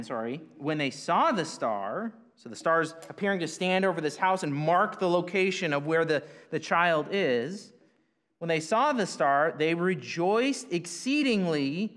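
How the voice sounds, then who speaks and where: A man's voice: high-pitched, bright, forceful tone, big-room sound. A man preaching a sermon, explaining a passage in a conversational way and putting questions to his listeners. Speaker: pastor.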